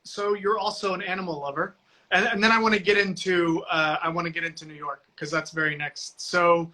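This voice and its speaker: A man's voice: sits high, steady tone, a little fast, pushed and bright, low-quality recording. A man hosting a casual live video interview, upbeat and encouraging, often restarting his sentences. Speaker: host.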